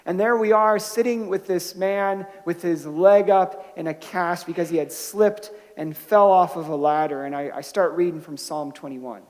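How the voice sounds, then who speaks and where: A pastor with a high-pitched, fairly even voice preaches a sermon at a moderate pace with few pauses. He tells stories conversationally, often restarting his sentences, then rises into emphatic bursts on key points. He's in a church sanctuary, and the recording has a long hall reverb.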